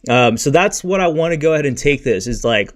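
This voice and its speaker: A man's voice: on the high side, animated, fairly quick. A man streaming about crypto trading, talking in a blunt, slangy, frustrated way and venting about his losses. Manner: blunt and slangy, says "freaking", "bro" and "dude" often. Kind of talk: casual livestream rant and market talk.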